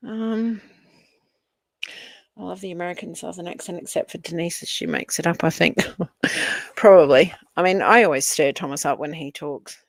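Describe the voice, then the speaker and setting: A woman's voice: fairly low pitch, moderate pace, long pauses, dry recording. A middle-aged Australian woman hosting a livestream, chatting casually and laughing as she reads viewer comments, swearing freely. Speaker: livestream host.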